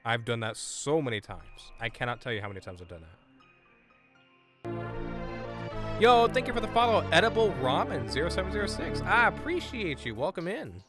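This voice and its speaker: A man streaming a game live, chatting excitably with viewers and stammering over his words. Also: fairly high pitch, normal speed, over music. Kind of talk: live gameplay stream chat.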